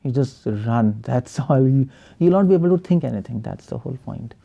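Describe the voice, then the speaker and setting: A man's voice: medium pitch, lively intonation, fairly quick, creaky, muffled recording. A male preacher giving an online spiritual class over a video call, firing rhetorical questions at the class and chuckling often.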